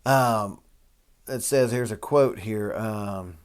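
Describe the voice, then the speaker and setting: A man's voice: fairly low pitch, slow. A man, hosting a casual talk show and reading a news article aloud with rambling asides. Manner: folksy, rambling, with y'all and asides. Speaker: host.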